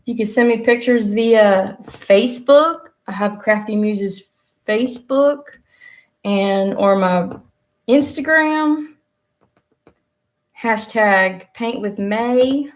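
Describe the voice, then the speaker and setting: Drawing out her words and leaving long pauses, a young woman with a slightly high, mellow voice runs a casual painting lesson streamed live into her laptop mic. She keeps up a rambling, chatty self-commentary while painting.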